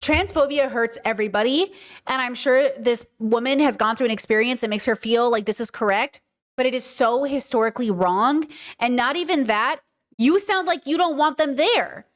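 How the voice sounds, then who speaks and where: A young woman talks straight to her stream audience, pressing each point by saying it again and again. Her voice sits a little on the high side, loose and full of "like" and blunt swearing. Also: normal speed. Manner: emphatic and repetitive, frequent "like" and swearing. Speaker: streamer and podcast host. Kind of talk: casual commentary on a livestream.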